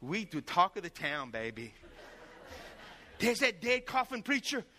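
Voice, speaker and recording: Very high, forceful preaching man. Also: unhurried, long reverb tail. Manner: animated storytelling, acting out voices. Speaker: pastor. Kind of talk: sermon.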